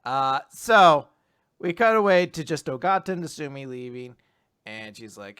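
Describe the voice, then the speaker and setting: Animated man with a bright, lively voice. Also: moderate pace, smooth, no echo, studio quality. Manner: animated, acts out characters' lines with big pitch jumps; swears casually. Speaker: podcast co-host. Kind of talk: casual manga recap chat.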